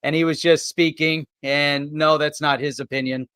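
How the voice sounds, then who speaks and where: A man's voice: fairly high pitch, level tone, moderate pace, pushed and bright, clean tone, dry recording, studio quality. A man co-hosting a live crypto talk show in casual chat, laughing often as he talks.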